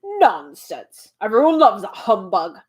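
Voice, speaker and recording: A woman voicing a pompous, boastful old male humbug bug in a storybook reading, speaking loudly and grandly. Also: on the high side, animated, normal speed, close to an everyday voice.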